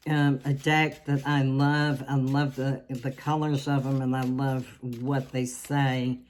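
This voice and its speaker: A woman from the South, giving a tarot reading in a slow, halting way with many restarts. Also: rumbling low, little pitch movement, darkish tone. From Southern United States. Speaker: tarot reader.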